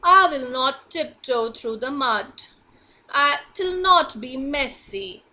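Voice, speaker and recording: A woman voicing a gentle female hippo from a storybook, speaking slowly and apologetically. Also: high voice, lively intonation, full character voice. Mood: apologetic.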